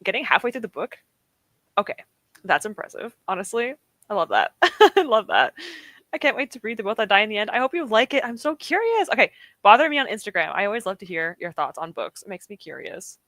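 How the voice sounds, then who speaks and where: A young woman streams a reading session from her home desk, laughing often and chatting casually as she reacts to the live chat. She talks at a quick pace in a sing-song, medium-pitched voice with a fairly bright tone and no echo.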